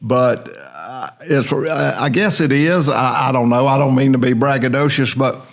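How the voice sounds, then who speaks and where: A man's voice: mid-range voice, moderate pace. An older man hosting a casual podcast chat, rambling along in a folksy storytelling way. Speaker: host.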